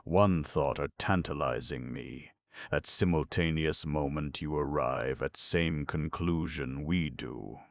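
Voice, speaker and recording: Brief: male reader doing a polite, flowery older detective, deep and dry. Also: takes it slowly, creaky, no echo, heavily acted. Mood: courtly. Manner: formal, flowery speech with clipped grammar. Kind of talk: audiobook narration.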